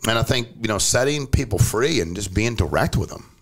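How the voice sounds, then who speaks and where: A man in casual conversation as a podcast guest, blunt and direct, telling stories and pushing his point hard. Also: brisk. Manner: blunt, animated, jumps pitch for emphasis. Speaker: company CEO, podcast guest. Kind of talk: casual storytelling chat.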